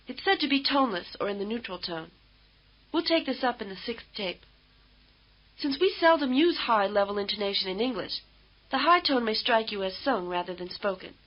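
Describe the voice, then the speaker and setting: A woman instructor giving measured, patient, scripted explanations in a language lesson. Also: on the high side. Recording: dull lo-fi old course tape.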